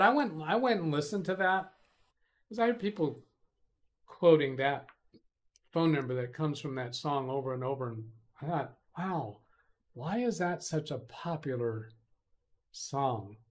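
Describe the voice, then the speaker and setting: A man's voice: fairly high pitch, a little slow. A man hosting a casual live stream, rambling as he reads chat messages aloud and answers them. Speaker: host of a live tech stream.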